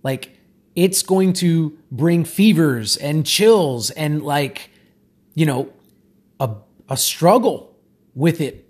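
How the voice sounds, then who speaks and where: Male self-help speaker, raspy and high-pitched, casual and insistent. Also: lively intonation, slow pace, darkish tone. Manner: emphatic, repetitive, conversational. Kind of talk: motivational monologue.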